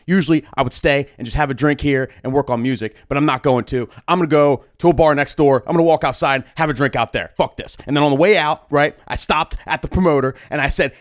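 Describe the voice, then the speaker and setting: A man, a wedding DJ and show host, telling a story in a chatty, animated, profane way into a studio mic. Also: fairly high pitch, fast talker, few pauses, no echo. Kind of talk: storytime monologue. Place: home streaming setup. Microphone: studio mic on boom arm. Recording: dry close studio mic.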